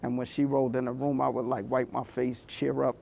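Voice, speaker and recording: Gravelly-voiced man telling his story. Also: mid-range voice, little pitch movement, fairly quick, darkish tone, a little hiss or hum. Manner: candid, conversational, heartfelt. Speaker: motivational speaker. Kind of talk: personal storytelling talk.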